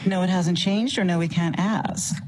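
An actress as a sharp-tongued suspect. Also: female voice, fairly low pitch, steady tone, normal speed, very noisy, natural voice. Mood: indignant. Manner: sharp, challenging questions. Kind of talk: film dialogue. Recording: film clip with loud music.

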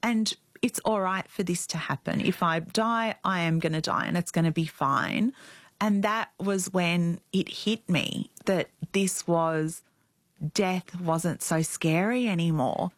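A middle-aged woman, an interview guest, telling a deeply personal story in an earnest, reflective way. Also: dry recording, clean studio sound. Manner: reflective, earnest, speeds up and slows down.

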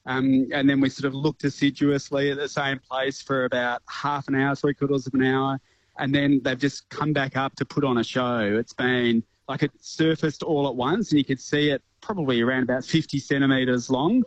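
A man reporting by phone from a riverbank, excited and halting as he talks. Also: mid-range voice, no room sound. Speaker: caller. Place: outdoors by a river. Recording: dull lo-fi phone line.

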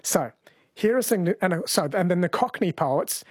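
A man's voice: high-pitched, expressive, normal speed, slightly rough, dry recording. A man hosting a radio show, explaining poetry and introducing songs in a lightly playful, explanatory way. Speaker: radio host presenting music. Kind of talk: scripted radio presenting.

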